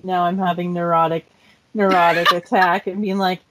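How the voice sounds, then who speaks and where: Soft-spoken, teasing woman. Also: on the low side, flat delivery, normal speed, heavy background noise. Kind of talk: casual chat.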